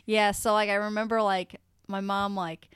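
A woman's voice: mid-range voice, level tone, moderate pace, a bit bright, smooth, dry recording. A woman co-hosting a podcast, chatting loosely with lots of fillers. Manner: loose, rambling with many fillers. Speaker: podcast co-host. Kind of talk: casual chat.

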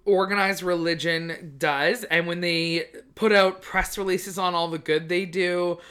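A woman's voice: on the low side, fairly even intonation, measured pace, fairly bright tone. A woman from British Columbia, Canada, co-hosting a comedy podcast in a chatty, sarcastic way and swearing freely. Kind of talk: casual chat.

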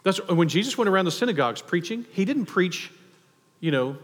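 A man preaching a sermon in a church, conversational and animated, acting out the characters he quotes. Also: on the high side, moderate pace. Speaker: pastor. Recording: long hall reverb.

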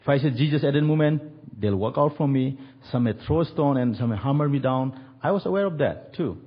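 A man's voice: mid-range voice, expressive, brisk, slightly rough, highs cut off. A man preaching a sermon and telling a story, acting out the quoted voices with animation.

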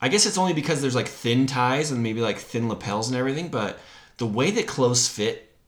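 A man co-hosting a casual film discussion podcast, animated and laughing often as he acts out scenes. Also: mid-range voice, brisk. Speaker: podcast co-host.

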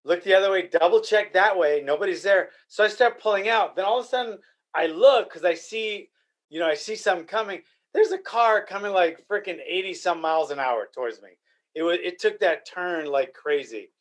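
A man's voice: high voice, fairly quick. An older man hosting a casual podcast, talking in a blunt, rambling, repetitive way. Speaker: podcast host.

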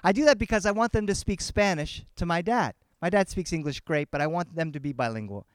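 A man telling a family story to a live audience, animated and switching between English and Spanish. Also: a little high, brisk, clean tone, dry recording, clean studio sound. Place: outdoor garden festival.

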